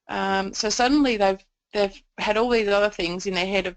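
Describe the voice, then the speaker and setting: A woman presenter with a gravelly, slightly creaky edge to her voice talks through a training method at a middle pitch. She explains step by step, pausing often on "um" as she searches for words. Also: rough recording. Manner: explanatory, frequent um fillers. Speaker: communication trainer.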